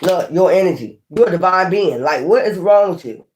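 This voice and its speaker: A woman giving a casual, animated tarot reading, often scolding and repeating herself. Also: on the low side, moderate pace, slight background noise. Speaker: tarot reader.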